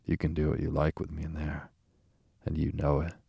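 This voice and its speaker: Boastful stubborn toad read by a guy, deep husky voice, dark tone. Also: completely flat delivery, brisk, dry recording, clean studio sound, exaggerated voice. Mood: wilful. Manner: sullen, then gushing and wilful. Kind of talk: soothing bedtime storybook reading.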